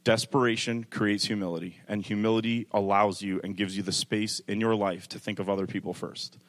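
Man preaching a sermon to a congregation. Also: a little fast. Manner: builds from calm teaching to loud, high-pitched preaching; conversational asides to the congregation. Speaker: pastor.

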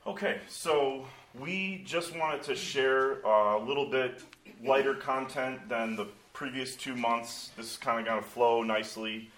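A man's voice: mid-range voice, fairly even intonation, a little slow, a bit bright, slight background noise. A man leading a church breakfast group in casual teaching talk, chatty and given to joking asides. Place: large room at a church breakfast. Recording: echoey room from far off.

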